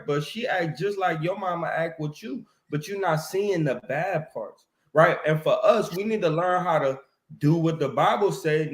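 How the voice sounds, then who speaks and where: A man's voice: on the high side, reverberant. A man talking casually about faith in a preachy way, ending his lines with "right?" and "man.". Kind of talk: casual religious discussion.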